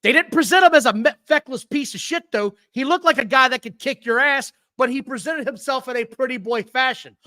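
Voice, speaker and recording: A man's voice: very high-pitched, brisk, few pauses, no room sound, rough recording. A man co-hosting a casual wrestling podcast, blunt and profane, telling match stories with lots of energy. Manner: profane, blunt, animated storytelling. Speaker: podcast co-host.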